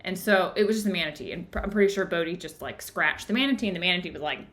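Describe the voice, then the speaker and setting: A woman hosting a book club livestream, retelling a story in a casual, animated way and acting out the quotes. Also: lowish voice, fast. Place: home in the woods. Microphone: streaming device, live video.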